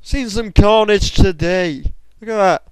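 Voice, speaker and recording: Young man doing casual gameplay commentary, excitable, smooth tone, dry close sound. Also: measured pace, no room sound, low-quality recording. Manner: excitable, bursts into high shouts. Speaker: gamer.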